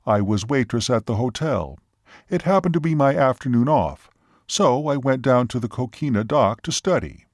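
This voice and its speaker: A lively young waitress tells her story earnestly, with a hint of teasing, in a slightly raised voice, as a male narrator reads her part. Her delivery is animated and wide-ranging. The recording is dry and close. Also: medium pitch, moderate pace, no room sound, close to an everyday voice.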